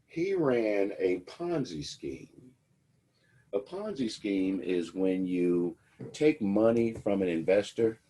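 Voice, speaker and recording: A man's voice: fairly low pitch, expressive, slow pace, mellow. A man giving a lecture to students, telling a personal story in a wry, conversational way. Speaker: instructor.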